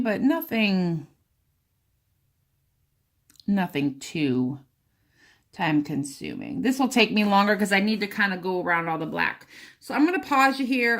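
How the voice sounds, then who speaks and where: Medium in pitch and slightly bright, her voice carries a chatty sewing and painting tutorial. As a craft vlogger, she talks right to the viewer as she works.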